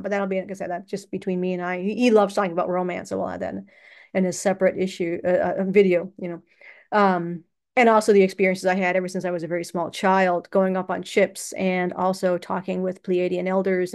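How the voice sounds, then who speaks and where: A woman's voice: mid-range voice, darkish tone. A woman hosting her own channel, talking in a casual, rambling personal monologue and laughing often. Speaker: channel host.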